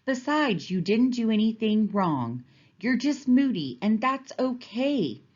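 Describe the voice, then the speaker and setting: A woman's voice: a little high, very animated, slow pace, darkish tone, dull audio, voice pushed up, full character voice. A woman voicing a kind, reassuring male zebra, in a storybook read-aloud. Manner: friendly, reassuring. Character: calm, kind male zebra host of the party.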